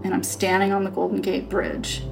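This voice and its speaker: A woman telling her own paranormal story on a podcast, halting and earnest, full of fillers as she searches for words. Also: medium pitch, completely flat delivery, gravelly, over music. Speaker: storyteller guest.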